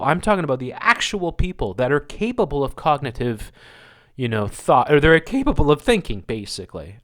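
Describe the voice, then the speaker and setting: A man's voice: on the high side, fairly bright tone. Sarcastic man ranting over the news. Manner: sarcastic, rambling, laughs often. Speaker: host.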